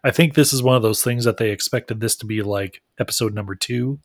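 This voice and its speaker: A man's voice: mid-range voice, a little fast, dry recording, studio quality. A man co-hosting a casual chat, explaining behind-the-scenes details of an episode and laughing along. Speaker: podcast co-host.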